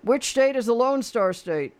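A man's voice: extremely high pitch, lively intonation, moderate pace. A man hosting a call-in radio show, chatting bluntly and opinionatedly with callers and running a quiz. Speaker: radio host.

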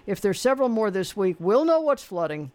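A radio host, a man with a high voice for his sex, talks in a blunt, opinionated way. He chats easily with callers and quizzes them. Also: very animated, fairly quick, a little mellow. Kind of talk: call-in radio quiz chat.

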